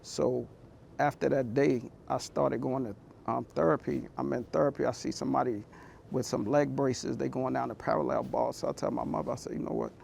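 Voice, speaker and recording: A man's voice: medium pitch, steady tone, a little fast, gravelly, a little mellow, slight background noise. A man giving a motivational talk, telling his personal story in a candid, conversational, heartfelt way. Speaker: motivational speaker.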